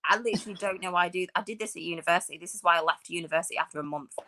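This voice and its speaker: A woman's voice: on the low side, very fast, bright, forceful tone, slight background noise. A woman co-hosting a casual chat, talking in a rambling, self-deprecating way. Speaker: podcast co-host.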